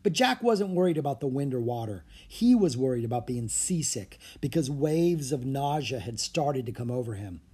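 An audiobook narrator reading a children's adventure aloud, steady and clear, shifting slightly into each character. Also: mid-range voice, normal speed, few pauses. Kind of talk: storybook read-aloud.

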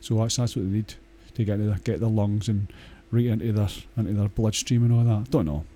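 A man's voice: fairly low pitch, fairly even intonation, a little fast, warm tone. A Scottish man talking in a casual, rambling monologue, blunt and crude, swearing often and hesitating with many fillers.

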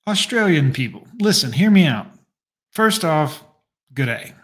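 Male reaction host, mocking and crude, slightly high voice. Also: big pitch swings, a little slow. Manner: sarcastic, mocking asides. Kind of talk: casual profane reaction commentary.

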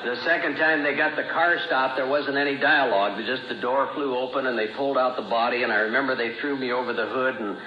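A man gives his personal testimony at a recovery meeting, speaking fast and plainly with few pauses, his medium-pitched voice fairly even in intonation. He acts out remembered dialogue while a crowd is heard behind him. The old recording sounds roomy and dull.

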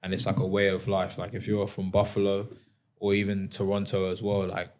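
A man with a very low voice speaks as an interview guest, loose and unhurried. His talk rambles with plenty of fillers and asides, easygoing in tone. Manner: relaxed, rambling, many fillers, laughs often. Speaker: guest, professional athlete. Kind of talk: casual interview chat.

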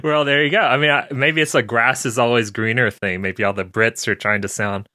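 Chatty American man with a bright tone. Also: medium pitch, steady tone, brisk, dry recording, clean studio sound. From United States. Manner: chatty, musing with fillers. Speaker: podcast host. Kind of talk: casual podcast chat.

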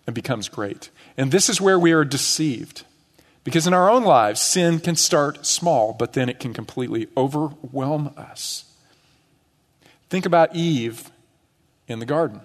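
A middle-aged male pastor preaching an earnest sermon, pushing up on questions and sinking low on key phrases. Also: animated, unhurried. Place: church sanctuary. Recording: long church reverb.

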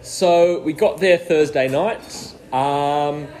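A man from Australia with an Australian accent, a tourist chatting casually in a pub, relaxed and easygoing. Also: on the high side, very slow, rough recording. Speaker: guest, tourist. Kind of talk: casual chat. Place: busy pub.

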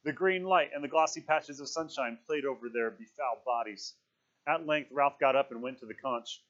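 A man reading a novel aloud to listeners, with measured, expressive storytelling. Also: medium pitch. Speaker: reader. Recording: dull lo-fi recording.

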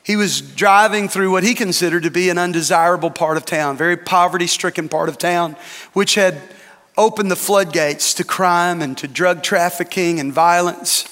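A man's voice: high voice, normal speed, a bit bright, long reverb tail. A man, a lead pastor, preaching a sermon with emphatic, dramatic repetition.

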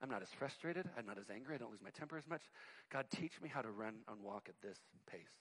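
A man in his forties preaching a sermon, telling personal stories in an animated, conversational way with self-deprecating humor. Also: medium pitch, fast talker, breathy edge. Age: 40s. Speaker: pastor.

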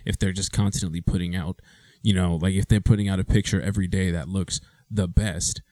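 A man's voice: sits low, fairly even intonation, a little fast, a little mellow, no echo. A man co-hosting a casual podcast chat, talking animatedly and acting out quoted voices. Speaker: podcast co-host.

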